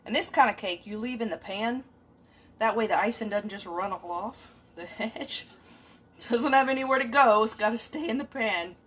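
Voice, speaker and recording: Cooking in her home kitchen on a casual livestream, a woman keeps up a chatty commentary for viewers as she works. Her voice sits a little high, fairly bright and slightly rough, at normal speed, amid the clatter of dishes and utensils.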